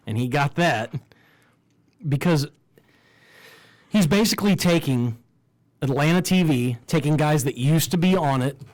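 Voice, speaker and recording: A man co-hosting a wrestling podcast, talking casually and opinionated, quick to argue and swear. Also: a little high, animated, darkish tone. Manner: opinionated, argumentative, swears freely. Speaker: podcast co-host.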